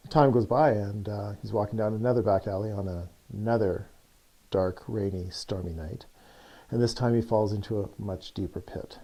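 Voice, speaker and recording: Low, mellow-voiced male storyteller. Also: normal speed. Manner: loose and chatty, many fillers. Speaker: coach. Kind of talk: casual storytelling.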